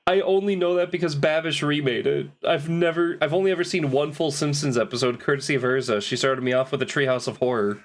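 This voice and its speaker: A man's voice: fairly high pitch, fast talker, hardly any pauses. Chatty man thinking aloud while gaming. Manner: thinks aloud, reads game text, laughs easily. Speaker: streamer playing a game. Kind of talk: casual gameplay chat.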